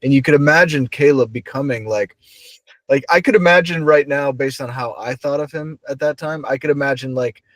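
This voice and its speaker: A man's voice: medium pitch, brisk, fairly bright tone, dry recording. A young man hosting a casual podcast, rambling with lots of fillers and laughing often. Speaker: podcast host. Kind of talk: casual chat.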